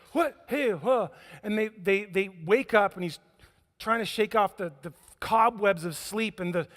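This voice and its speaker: A man's voice: high-pitched, fairly bright tone. A man preaching a sermon as pastor, telling stories with humor and acting out the scenes. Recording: echoey church hall.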